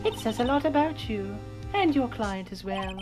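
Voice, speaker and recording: A woman voicing a composed female mentor attorney in a game, calm and encouraging. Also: a little high, moderate pace, over music, pitched above the performer's own voice, lightly acted.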